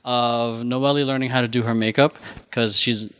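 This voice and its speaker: A young man co-hosts a casual podcast at an ordinary mid pitch. He talks loosely and laughs often. He leans on fillers and curses freely. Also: fairly even intonation, normal speed, a bit bright, clean tone, dry recording. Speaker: podcast co-host. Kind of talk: casual chat.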